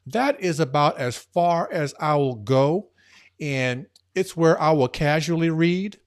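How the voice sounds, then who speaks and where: A man speaking as a podcast guest, earnest and emphatic, shifting between quick bursts and slow, stressed words. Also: fairly high pitch, lively intonation. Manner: earnest and emphatic, speeding up and slowing down. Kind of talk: casual conversational podcast talk.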